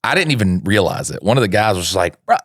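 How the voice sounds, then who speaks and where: A man's voice: fairly low pitch, sing-song, quick pace, a bit bright, no echo, clean studio sound. A man co-hosting a podcast, telling a story in a casual, self-mocking way, laughing and teasing. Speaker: podcast co-host.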